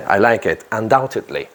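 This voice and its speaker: A man's voice: lowish voice, lively intonation, normal speed, fairly bright tone, a little hiss or hum. A man teaching an English grammar lesson to a class, repeating phrases and checking in with "yeah?" after nearly every point.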